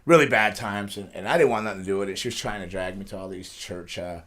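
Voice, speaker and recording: Middle-aged man, rapid speech, rambling storyteller, laughs often, studio interview. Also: fairly low pitch, fairly bright tone. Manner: rambling, laughs through his stories. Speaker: wrestler guest.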